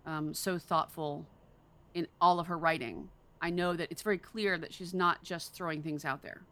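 A woman's voice: on the low side, a bit bright. An American woman, an audiobook narrator, chatting with enthusiasm and playful self-mockery. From United States. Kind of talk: casual chat.

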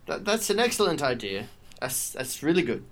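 A man's voice: a little high, very animated, moderate pace, fairly bright tone. A man narrating as game master of a tabletop game, talking with frequent restarts and hesitations. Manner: hesitant, with many restarts and fillers.

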